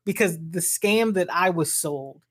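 A young woman co-hosting a casual podcast, with a voice that sits low for a woman. She chats in an agreeable way and gives blunt opinions. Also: a little slow, very noisy. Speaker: podcast co-host.

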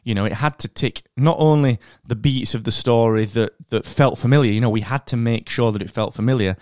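A man with a Northern English accent hosts a podcast in a chatty, animated monologue that rambles along with fillers and restarts. His voice sits at a middling pitch, and the recording is close and dry, with no room sound. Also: fairly quick, dry recording. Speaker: podcast host.

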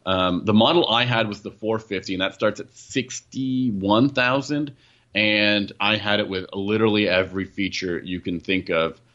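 A man's voice: fairly low pitch, normal speed, a bit bright. A man reviewing a car in a casual podcast chat, rambling and correcting himself as he goes, with small laughs at his own jokes. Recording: muffled, lo-fi audio.

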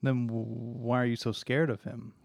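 A man taking part as a player in a tabletop game, speaking in a hesitant, halting way. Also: mid-range voice, little pitch movement, vocal fry, a little mellow, no room sound, studio quality. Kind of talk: tabletop role-play.

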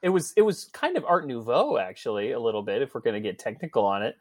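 A podcast guest chatting casually about a movie, nerdy and animated, laughing while talking. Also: mid-range voice, fast talker. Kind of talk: casual movie-review chat.

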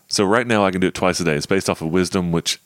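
A man's voice: low voice, fast talker, no room sound, studio quality. A man playing a tabletop game, explaining his character's abilities in an easygoing way. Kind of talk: casual game chat.

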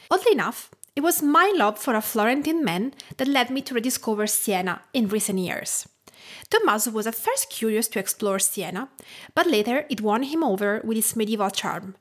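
A woman's voice: fairly high pitch, expressive, normal speed, a bit bright. A woman in her thirties from Tuscany with an Italian accent, narrating her food podcast in a reflective storytelling way. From Tuscany, Italy. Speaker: podcast host.

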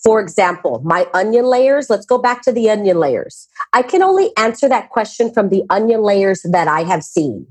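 A woman's voice: medium pitch, normal speed, hardly any pauses, slightly rough, dry recording. A woman talking as a podcast guest who teaches, telling stories and acting out quoted questions in a casual chat. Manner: expressive storyteller, acts out quotes.

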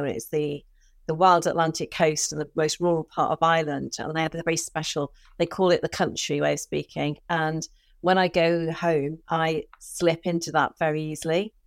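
Middle-aged woman, bit of a scouse accent left, low-ish voice, chatty and frank, dry close sound. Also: dry recording. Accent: mild Liverpool, softened toward southern English. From Liverpool. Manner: candid, animated, chatty with fillers. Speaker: guest, former cabinet minister. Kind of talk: casual conversational interview.

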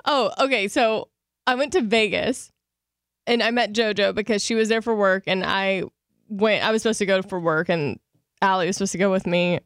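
A young woman with a mid-pitched voice co-hosts a casual podcast, chatty and upbeat with plenty of filler words. The sound is close and dry, with no echo at all. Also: fairly even intonation, moderate pace. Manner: chatty and enthusiastic, many filler "like"s. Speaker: podcast co-host. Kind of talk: casual chat.

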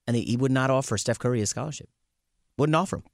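A man co-hosting sports radio, talking with eager enthusiasm and gushing about basketball. His voice sits at a plain middle pitch. The recording is dry, with no room sound. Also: fast, vocal fry, dry recording. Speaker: radio co-host. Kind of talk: casual sports radio talk.

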